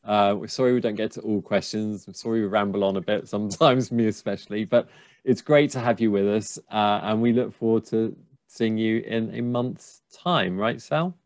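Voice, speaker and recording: A man hosting a live writing Q&A over a video call, with a low voice and a dry, close sound. He talks in a relaxed, hesitant way, full of fillers. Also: moderate pace, no echo. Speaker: host. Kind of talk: live Q&A chat.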